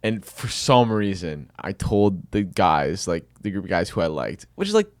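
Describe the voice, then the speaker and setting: A young man hosting a podcast, telling stories in a casual, animated way. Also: low voice, normal speed, no room sound, clean studio sound. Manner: animated storyteller, acts out quotes loudly. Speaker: podcast host. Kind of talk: casual chat.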